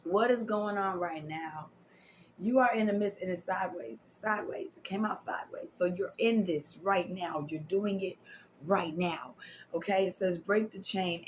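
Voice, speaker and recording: Woman, oracle card reader, affirming, repetitive, slips into whispers, mid-pitched voice. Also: measured pace, slight background noise, low-quality recording. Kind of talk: spiritual card reading to viewers.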